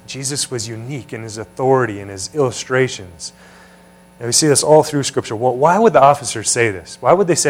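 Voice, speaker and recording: Male preacher, teaching sermon, conversational, questions to the room, mains hum under the voice. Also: mid-range voice.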